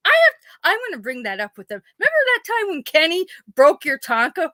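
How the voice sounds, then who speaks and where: High, bright-voiced woman. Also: a little fast, no room sound. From Pennsylvania. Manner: animated, laughs often, swears casually. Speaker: podcast host. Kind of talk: casual chat, storytelling.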